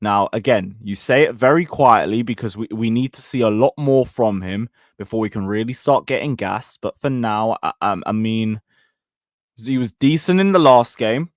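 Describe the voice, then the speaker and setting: A man's voice: on the low side, normal speed, dry recording, clean studio sound. A young man giving a blunt, sweary, rambling live review of a football match and reading viewer comments. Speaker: football fan channel host.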